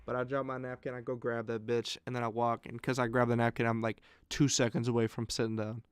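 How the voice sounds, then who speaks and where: With a level tone and a smooth, mid-range voice, this young man talks fast on a dry recording. He co-hosts a podcast, telling swear-heavy stories and voicing lines other people said.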